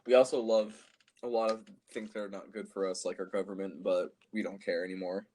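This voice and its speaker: A man's voice: low voice, little pitch movement, a little fast, dark tone, a little hiss or hum. A teenage man co-hosting a casual comedy podcast, joking and riffing with a laugh. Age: late teens. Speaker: podcast co-host.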